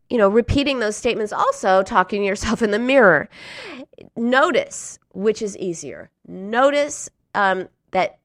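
Lively, encouraging woman coach. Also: mid-range voice, dry recording, studio quality. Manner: earnest, encouraging, acts out the harsh inner voice. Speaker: speaker on emotional eating. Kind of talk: coaching talk to listeners.

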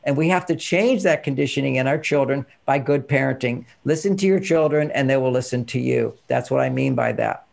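A man coaching parents on emotions, telling stories and acting out the dialogue in an animated way. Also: medium pitch, a little fast, vocal fry, few pauses. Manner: animated storytelling, acts out dialogue. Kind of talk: instructional talk with anecdotes.

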